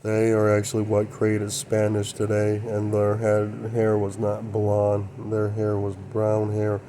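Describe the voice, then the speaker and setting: A man's voice: lowish voice, completely flat delivery, measured pace, background noise. A man hosting his own channel, talking in a rambling monologue and often repeating short affirmations. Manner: rambling, repeats "yeah, that's true". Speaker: channel host.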